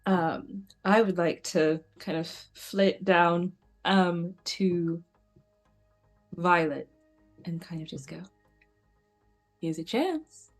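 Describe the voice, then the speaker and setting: A woman's voice: on the low side, steady tone, takes it slowly, soft background music. A woman playing a tabletop role-playing game, speaking in a playful, joking way. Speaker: player. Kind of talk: casual tabletop game play.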